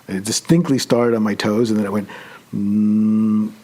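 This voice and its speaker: A male meditation teacher telling a personal story during a retreat talk, conversational and animated as he acts out his own excited thoughts. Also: lowish voice, measured pace. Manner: relaxed, conversational, with many fillers.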